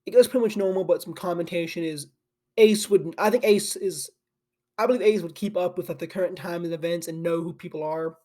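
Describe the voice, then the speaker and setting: A man's voice: high-pitched, brisk, mellow. A young man hosting an anime channel, recorded at his home desk on camera, retelling a story in a loose, sleepy, rambling way full of "like" and restarts. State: sleepy and yawning.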